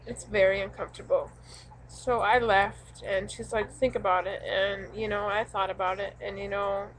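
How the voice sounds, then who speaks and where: A young woman venting to camera in a halting, rambling way, full of ums, upset and frustrated. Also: mid-range voice, slight background noise, rough recording. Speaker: vlogger.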